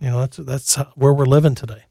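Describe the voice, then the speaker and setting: A man's voice: mid-range voice, steady tone, brisk, gravelly, no echo. Folksy male radio host, dry studio sound. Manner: warm, reassuring, folksy. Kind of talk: Christian call-in advice talk.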